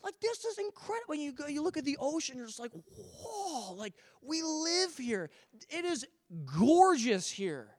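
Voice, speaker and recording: High-voiced man preaching in a reverberant hall. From Canada. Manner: animated preaching with acted asides and humor. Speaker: pastor. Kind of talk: sermon. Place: church sanctuary.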